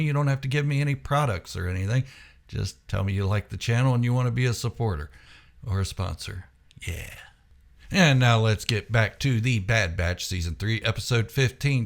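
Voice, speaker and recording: A man's voice: fairly low pitch, creaky. A man hosting his own channel, talking through an episode review in a chatty, casual way with self-correcting asides. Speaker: YouTube channel host.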